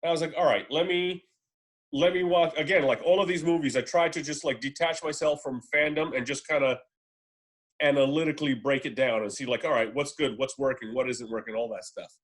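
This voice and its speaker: Speaking at a brisk pace in a medium-pitched, fairly even voice, this podcast co-host joins over a remote call. His casual talk wanders, with plenty of swearing, filler words and false starts.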